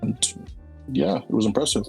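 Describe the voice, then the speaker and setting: A man co-hosting a podcast, chatting casually about an anime with animated, slangy asides. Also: medium pitch, moderate pace, vocal fry, breathy edge, soft background music, poor audio. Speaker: podcast co-host.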